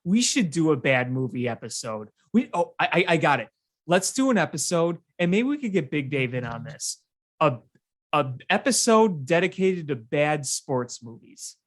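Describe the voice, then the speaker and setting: A sports podcast co-host in casual chat, telling stories in an animated, ranting way. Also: mid-range voice, moderate pace. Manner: animated storyteller, ranting about bad movies.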